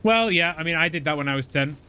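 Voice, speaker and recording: A man's voice: fairly high pitch, expressive, fast talker, sharp tone, smooth. A man from southern England chatting casually while playing a game, rambling and correcting himself as he goes. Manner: rambling, hesitant, lots of restarts and self-corrections. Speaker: gaming streamer.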